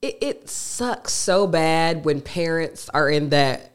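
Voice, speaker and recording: A woman's voice: deep voice, expressive, slow, clear, resonant tone. A woman from co-hosting an advice podcast, emphatic and chatty, repeating her key points. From Athens, Georgia, US. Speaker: podcast co-host. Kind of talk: casual advice chat.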